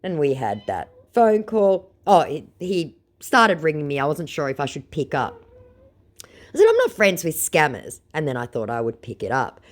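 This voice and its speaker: A woman's voice: sits low, animated, moderate pace. A tired woman vlogger chatting casually to her viewers, sarcastic, with lots of fillers. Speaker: scambaiting vlogger. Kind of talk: casual vlog narration.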